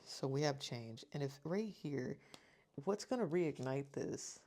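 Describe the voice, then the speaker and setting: This tarot reader has a bass voice with a warm tone, speaking expressively at a measured pace to her viewers. Earnest and emotional, she reads out card meanings and offers reassurance over and over.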